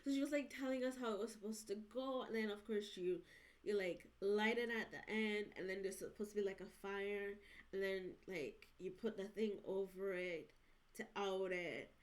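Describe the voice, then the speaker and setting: A woman's voice: medium pitch, normal speed, poor audio. A young woman vlogging, telling a casual, rambling story to camera with slangy asides.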